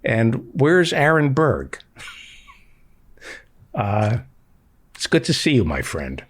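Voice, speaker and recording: Levendige mannelijke podcastpresentator. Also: male voice, medium pitch, wildly swooping pitch. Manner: warm, slightly halting introductions with repeated words. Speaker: podcast host. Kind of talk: casual interview chat.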